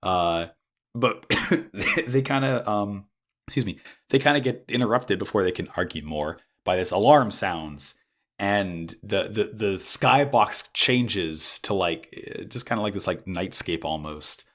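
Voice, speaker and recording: Low-ish dude on a podcast recapping an episode, animated, cussing, quick bursts of character lines. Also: male voice. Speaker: podcast co-host. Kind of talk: casual chat recapping an anime episode.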